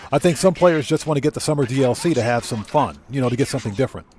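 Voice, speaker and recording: Male game streamer, relaxed rambling live commentary, mid-pitched. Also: very fast, slight background noise. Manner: rambling, easygoing, many fillers and self-corrections. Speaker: GTA streamer and content creator. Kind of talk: live gameplay commentary, reading chat.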